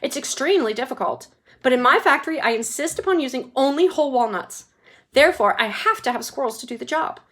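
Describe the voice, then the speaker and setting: A woman doing an excitable eccentric candy maker. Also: sits high. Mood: explaining. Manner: brisk, theatrical, impatient.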